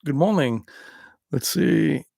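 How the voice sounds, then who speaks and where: A man's voice: fairly high pitch, animated, slow, vocal fry, darkish tone, no room sound, clean studio sound. A man hosting a casual livestream chat, rambling from point to point and laughing often. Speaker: livestream host.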